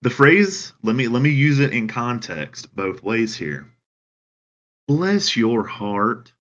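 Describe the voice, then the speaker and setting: A man with a Southern American accent, chatting casually as a podcast co-host and telling things in a dry, deadpan way. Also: mid-range voice. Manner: dry, deadpan storytelling with drawn-out phrases. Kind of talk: casual chat. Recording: dull lo-fi sound.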